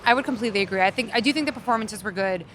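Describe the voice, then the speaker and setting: A woman from Worcester, a podcast guest chatting about a film in a quick, blunt, jokey way. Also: mid-range voice, a bit bright, slight background noise. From Worcester, Massachusetts. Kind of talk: casual movie review chat.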